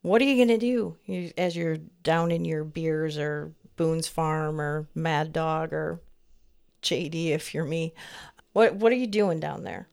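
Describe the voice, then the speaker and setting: A woman's voice: low voice, measured pace, creaky, a little mellow. A woman in her fifties co-hosting a podcast, chatting in a rambling, easygoing way and laughing often. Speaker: podcast co-host. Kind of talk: casual chat.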